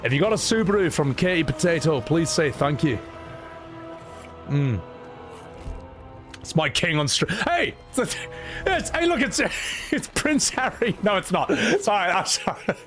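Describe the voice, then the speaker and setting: A man chatting casually on a live stream, excitable and swearing, laughing often and reading viewers' messages aloud. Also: high-pitched, a little slow, long pauses, soft background music.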